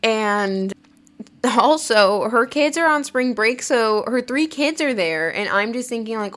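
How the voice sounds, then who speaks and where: A woman's voice: on the high side, expressive, unhurried, a bit bright. A woman hosting her own podcast, telling a personal story in a chatty way, full of "like" fillers and laughing while she talks. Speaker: podcast host. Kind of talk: casual storytelling monologue.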